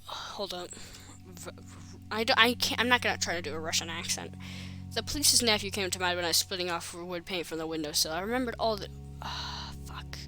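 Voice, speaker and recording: Bright-voiced woman streamer reading a game. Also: lowish voice, brisk, soft background music. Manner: chatty, self-mocking asides.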